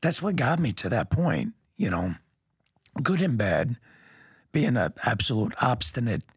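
A man's voice: mid-range voice, very animated, measured pace, husky, no echo, clean studio sound. A middle-aged man, a police lieutenant guest, telling his story bluntly and emphatically, often saying "man" and "you know". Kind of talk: candid conversational storytelling.

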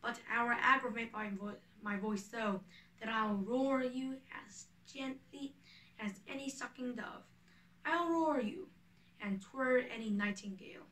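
A woman reading the part of a boastful, eager male weaver who is an amateur actor, with a bright voice, a little high for a woman, in an echoey room away from the mic. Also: measured pace, distant mic.

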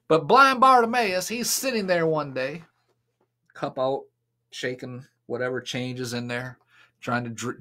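A man's voice: a little high, pushed and bright. A man preaching a sermon and retelling a scripture story with dramatic, emphatic delivery. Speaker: pastor.

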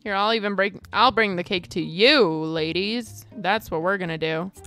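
A woman's voice: medium pitch, normal speed, a bit bright, faint music behind. A young woman giving dramatic, exasperated casual commentary while playing a life-sim game. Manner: dramatic, exasperated, mild cursing. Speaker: gaming streamer.

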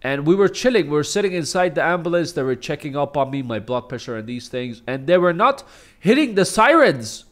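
A man's voice: fairly high pitch, sing-song, brisk. A young man casually telling a storytime vlog, joking and swearing as he talks. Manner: laid-back, swears, jokes and self-deprecates. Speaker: vlogger.

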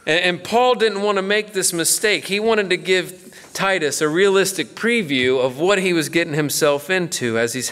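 A man's voice: a little high, fairly bright tone. A middle-aged man, a pastor, teaching the Bible in a casual, conversational way and acting out a story with playful voices. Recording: long hall reverb.

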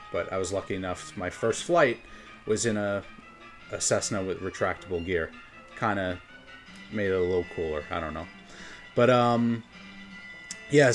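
A man from New York with a New York accent, chatting casually as a game streamer and rambling between topics. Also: lowish voice. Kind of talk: casual gameplay commentary. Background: faint game music.

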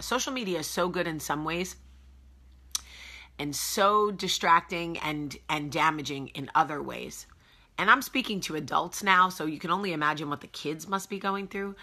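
Woman host, forties, fairly low pitch but a vivid, forceful tone; chatty at-home live chat, calls out viewers by name. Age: 40s. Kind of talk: casual morning live chat.

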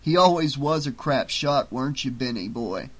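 A man's voice: mid-range voice, expressive, normal speed, fairly bright tone, breathy edge. A man reading an audiobook, voicing a flippant young man who talks in an offhand, sarcastic way.

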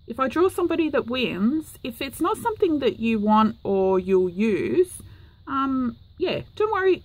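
An Australian woman hosting her craft channel, chatting casually to camera with lots of ums and little apologies. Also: fairly high pitch. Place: home craft room.

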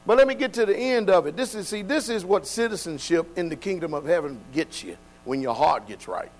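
A man preaching a sermon, dropping to quiet, low passages and then building to loud, shouted exhortation. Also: animated, fairly quick, poor audio.

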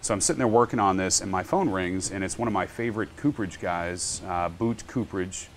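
With a low-pitched voice and a slightly fast delivery, this man, a guest winery owner and winemaker, spins stories in a casual podcast interview. He animatedly acts out other people's quotes over slight background noise.

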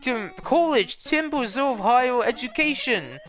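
Hyper cute game creature shopkeeper, squeaky broken baby-talk, lively, put on by a man. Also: a little slow, soft background music, heavily acted. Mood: excited.

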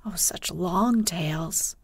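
A woman's voice: on the low side, drawn-out words, dry recording, exaggerated voice. Peter Pan, a woman whispering a sly coaxing boy. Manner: soft, breathy, hushed. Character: Peter Pan, cocky sly boy who never grows up.

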